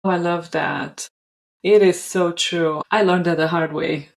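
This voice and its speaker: A woman's voice: on the low side, fairly even intonation, unhurried, gravelly, rough recording. A woman hosting a podcast interview, effusive and enthusiastic, often restarting her sentences. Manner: effusive, stumbles over words. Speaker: podcast host. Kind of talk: casual interview chat.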